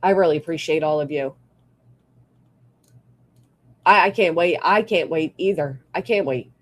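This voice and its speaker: A woman's voice: low voice, brisk. Blunt, profane woman streamer. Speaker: livestreamer. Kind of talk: live stream rant and member shout-outs.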